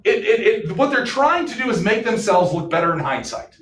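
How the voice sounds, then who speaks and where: Animated male teacher in an echoey classroom. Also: high voice, brisk. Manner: animated, joking, fires off questions. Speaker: history teacher. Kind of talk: classroom lecture with questions to students. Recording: echoey classroom, mic far off.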